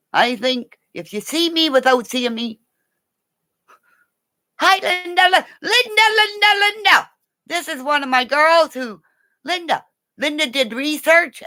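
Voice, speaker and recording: A woman's voice: no echo, studio quality. A woman hosting a casual livestream, rambling and swearing as she chats to her viewers by name. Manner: rambling, profane, talks to viewers; animated, jumps between high and low tones. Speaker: livestream host.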